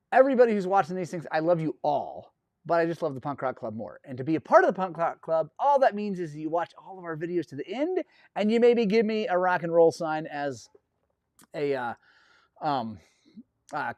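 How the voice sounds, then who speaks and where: A man talks casually on a live stream, rambling and effusive as he thanks his viewers again and again. His voice sits a bit high. The sound is dry and close to the mic. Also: a little mellow, no echo. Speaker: host of a dirt bike live stream.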